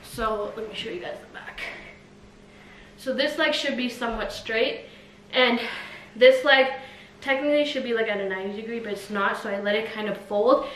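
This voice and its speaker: A woman's voice: fairly high pitch, moderate pace, a bit bright. A woman vlogger talking casually while demonstrating a routine, chatty and full of filler words, slightly out of breath. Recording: echoey room, faint noise.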